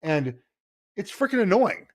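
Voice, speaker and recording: A man's voice: high-pitched, very animated, measured pace. A middle-aged man hosting a podcast, chatting casually and rambling with lots of fillers and restarts. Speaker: podcast host. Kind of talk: casual chat.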